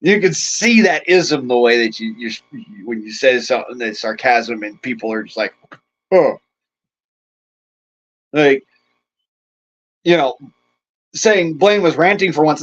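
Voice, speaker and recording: A man's voice: a little high, a bit bright, muffled recording. A man hosting a livestream, ranting casually to his chat in a crude, rambling way and chuckling often. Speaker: livestream host.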